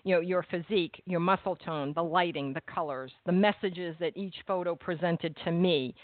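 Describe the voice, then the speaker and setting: A woman interviewer speaking in a measured, earnest way as she gives careful praise. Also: fairly low pitch, dry recording. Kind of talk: interview, reading a poem aloud. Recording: tinny phone-like line, dry.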